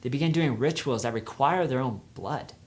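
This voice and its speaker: A man's voice: mid-range voice, normal speed. Young man giving a casual youth sermon. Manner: conversational storytelling, swings from energetic to hushed. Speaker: youth speaker.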